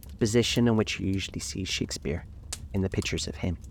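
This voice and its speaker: A man narrating a storybook in a measured, gentle way. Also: sits low, creaky, slight background noise.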